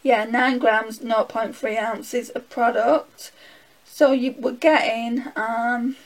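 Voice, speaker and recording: A woman with a Northern English accent reviews makeup in a relaxed, unhurried way, speaking slowly with a gravelly fry in her slightly high voice. She talks half to herself as she goes, chatty and easy. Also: low-quality recording. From England. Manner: chatty, talking to herself while swatching. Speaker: beauty vlogger. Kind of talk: casual makeup swatch review.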